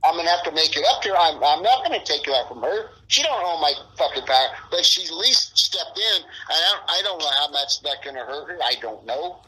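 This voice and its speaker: A man's voice: on the high side, animated, fairly quick, hardly any pauses, bright, forceful tone, breathy edge, poor audio. A middle-aged man being interviewed, talking in a rambling, profane, frustrated way. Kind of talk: casual interview.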